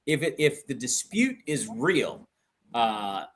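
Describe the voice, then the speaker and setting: A man hosting a casual panel discussion. He guides the conversation and encourages his guests with quick interjections. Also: medium pitch, very animated, a bit bright. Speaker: host.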